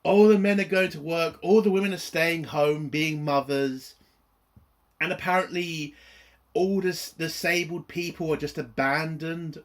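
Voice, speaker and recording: Guy ranting about a tv episode, swears a lot, kinda high voice. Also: steady tone, measured pace. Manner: profane, exasperated, rambling rant. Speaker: TV reviewer. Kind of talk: ranting video review.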